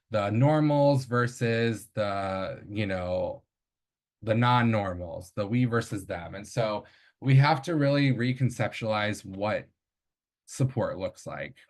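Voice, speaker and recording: A man with a fairly low voice gives a research presentation to colleagues. He speaks in a measured, unscripted way, pausing on fillers and correcting himself as he goes. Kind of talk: academic presentation.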